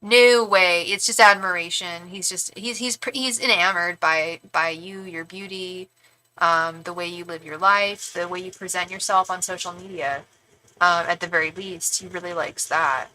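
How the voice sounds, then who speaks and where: A woman reads tarot live for her viewers, her voice bright and forward. She talks in a loose, reassuring way, stumbling over restarts and fillers and calling the viewer fond names as she goes. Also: on the low side, moderate pace, low-quality recording. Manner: affectionate asides to the viewer. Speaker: tarot reader and psychic. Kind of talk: live-stream tarot reading, reading viewer comments aloud.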